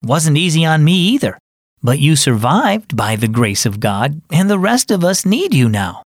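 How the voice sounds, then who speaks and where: A man voicing a big, gentle uncle in a children's audio story, speaking earnestly and consolingly to his grieving nephew. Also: a little high, very animated, normal speed, dry recording, clean studio sound. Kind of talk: scripted children's radio drama.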